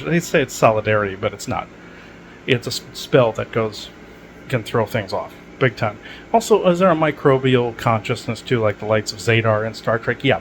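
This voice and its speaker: A man's voice: mid-range voice, a little hiss or hum, poor audio. A man hosting a podcast, talking in a rambling, digressive way with many fillers. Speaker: podcast host. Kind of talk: rambling casual monologue.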